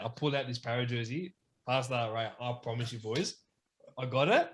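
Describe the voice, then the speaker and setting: A young man in his twenties with an Australian accent, co-hosting a casual chat with excitable, enthusiastic reactions. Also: mid-range voice, fairly quick. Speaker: podcast co-host.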